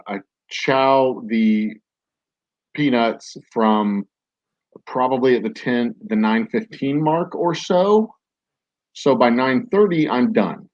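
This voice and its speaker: A man's voice: medium pitch, darkish tone, dull audio. Rambling man telling a story. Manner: rambling, with many "like"s and restarts. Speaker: podcast host. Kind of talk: casual storytelling.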